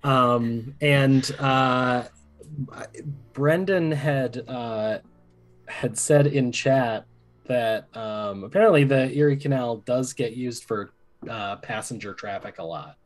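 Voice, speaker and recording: A man talking casually while creating characters for a tabletop game, rambling with lots of pauses. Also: medium pitch, faint music behind. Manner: rambling, many fillers and restarts. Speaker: game player and host.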